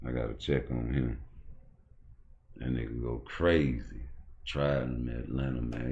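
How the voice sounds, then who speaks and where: A middle-aged man with a very low, deep voice, ranting on his own channel. He is blunt and profane, and his talk runs heated and loose. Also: highs cut off. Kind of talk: casual opinion rant.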